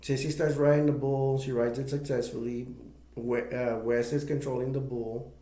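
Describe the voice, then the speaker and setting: A man's voice: mid-range voice, little pitch movement, normal speed, warm tone, echoey room. A man casually retelling the plot of a movie for a review, rambling with many fillers and restarts.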